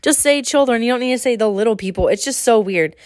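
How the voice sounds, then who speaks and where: A woman's voice: fairly high pitch, fast, darkish tone, no room sound. A woman co-hosting a casual podcast chat, telling stories with exasperated asides. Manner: chatty storytelling, exasperated asides. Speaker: podcast co-host.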